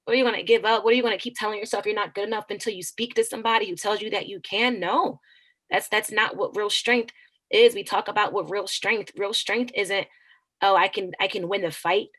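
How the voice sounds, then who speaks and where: A woman teacher and author talking earnestly in an interview, animated and preachy, often restarting her words. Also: mid-range voice, brisk. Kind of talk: conversational interview.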